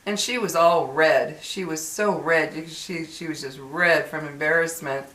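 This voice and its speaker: Woman vlogger, chatty and exasperated, bright voice, echoey room. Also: low-pitched, a little slow. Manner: chatty, exasperated, many fillers and restarts. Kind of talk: casual venting monologue.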